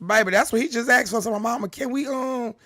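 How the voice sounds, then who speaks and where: A woman's voice: a little high, bright, forceful tone. A chatty woman hosts a casual livestream from her home, talking straight to her viewers and calling them baby and honey. Her voice sounds close and dry, with no room echo. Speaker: livestream host.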